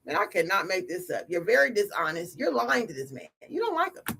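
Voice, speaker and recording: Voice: medium pitch, huge pitch swings, brisk, vocal fry, pushed and bright, breathy edge. A tarot reader hosting a casual livestream, talking in a blunt, slangy, scolding way. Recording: noisy livestream audio.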